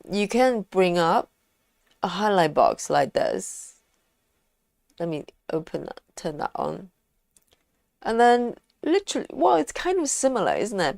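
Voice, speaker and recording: A woman hosting a casual live stream, chatting in a relaxed way and reading out viewer comments with frequent ums. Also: deep voice, no room sound, studio quality.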